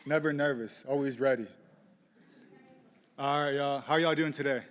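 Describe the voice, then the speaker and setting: A young man giving a lively lightning talk, joking with the audience and pushing them into call-and-response. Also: mid-range voice, normal speed. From southeast side of Chicago. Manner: playful, rallying crowd call-and-response. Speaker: community organizer speaker. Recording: reverberant hall, live talk.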